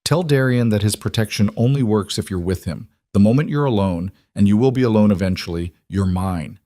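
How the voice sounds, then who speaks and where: Smooth menacing mob boss, man reading. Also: on the low side, brisk, warm tone, dry recording, studio quality, lightly acted. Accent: faint Italian. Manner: smooth, amused, threatening.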